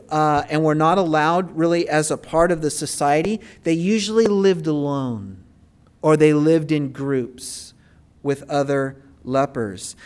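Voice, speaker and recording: A male pastor preaching a sermon, telling stories casually with fillers and rising bursts of emphasis. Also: on the high side.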